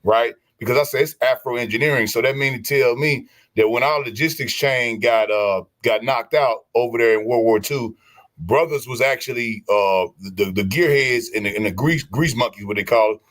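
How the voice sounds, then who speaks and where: A man in casual stream chat, telling history stories in an animated, preachy way with many restarts. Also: mid-range voice, normal speed.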